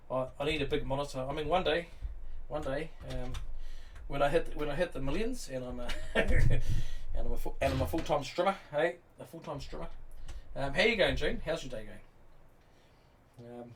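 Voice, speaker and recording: Laid-back Kiwi streamer, distant mic. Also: male voice, fairly high pitch, moderate pace, a bit bright. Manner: laid-back, swears freely, calls people bro and mate. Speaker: live streamer. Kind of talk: casual live-stream chat while building. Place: indoors at home during rain. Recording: distant mic with faint background noise.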